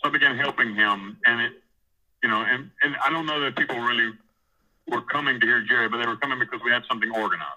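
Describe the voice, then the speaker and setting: A man's voice: medium pitch, steady tone, fast talker, pushed and bright, dull audio. A man in prison telling a rambling, profane story about taking over church services, often acting out what others said. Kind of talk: casual storytelling interview.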